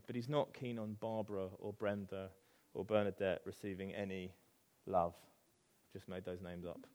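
A middle-aged man preaching a conversational sermon, animated, with asides. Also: fairly low pitch. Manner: animated, acts out quoted voices, conversational with asides.

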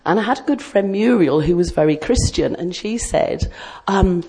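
A woman's voice: on the low side, expressive, moderate pace, mellow, slightly rough. A middle-aged woman from Australia giving a chatty, self-deprecating personal testimony to a church group, rambling a little as she tells her story.

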